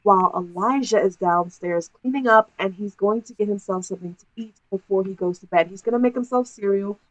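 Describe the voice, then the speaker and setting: A woman's voice: medium pitch, fairly quick, low-quality recording. A woman giving casual, chatty narration of a life-sim game, with a playful, giggly storytelling manner. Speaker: gameplay narrator.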